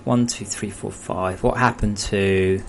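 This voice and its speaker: A man's voice: fairly low pitch, fairly even intonation, unhurried, creaky, slight background noise. A young man casually chatting on a live stream, muttering and rambling his thoughts aloud from home at a desk microphone. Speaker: game developer streaming his work.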